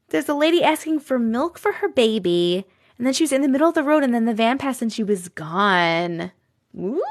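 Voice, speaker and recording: A woman's voice: on the high side, a bit bright. A woman with a New York accent hosting a casual livestream from home, chatting, laughing often and reading viewer stories and comments aloud. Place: at home, seated at a computer desk.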